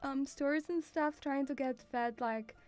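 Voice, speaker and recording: A woman's voice: high voice, a little slow, faint music behind. A young woman from Russia, streaming casually, reading viewer messages and calling the viewer sweetie, with frequent giggles.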